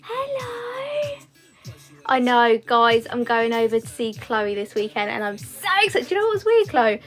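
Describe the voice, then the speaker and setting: A woman's voice: fairly high pitch, fairly quick, faint music behind. A young woman, chatting casually to a livestream audience while doing her makeup at home. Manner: chatty, rambling, with frequent fillers. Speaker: beauty content creator.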